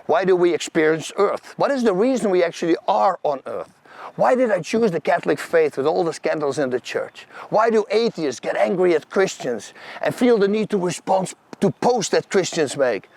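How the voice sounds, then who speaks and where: Animated Dutch man telling stories. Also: high voice, normal speed, creaky, no room sound. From Netherlands. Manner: animated, vivid, acts out scenes and quotes; loose, non-native grammar. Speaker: channel host. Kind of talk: personal storytelling monologue.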